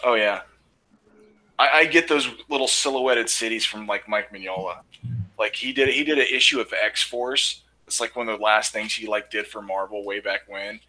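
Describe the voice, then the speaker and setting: A man's voice: fairly low pitch, sharp tone, rough recording. A man who is a comic artist and colorist, chatting casually on a livestream in an easygoing way. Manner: easygoing, quick agreeing replies.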